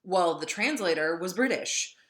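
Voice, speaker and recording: A woman lecturing on literature in a chatty, wry way, filling pauses with ums. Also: fairly low pitch, lively intonation, fairly bright tone. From North Dakota. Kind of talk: classroom lecture. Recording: echoey room.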